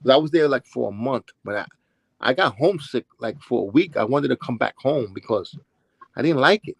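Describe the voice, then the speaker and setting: A man's voice: medium pitch, lively intonation, a little fast, creaky, husky, no echo. An older man from Brooklyn, telling stories in a casual interview and acting out the people he quotes. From Brooklyn, New York. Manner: acts out quoted people with voice changes. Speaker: interview guest, former DJ and dancer. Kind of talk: casual storytelling.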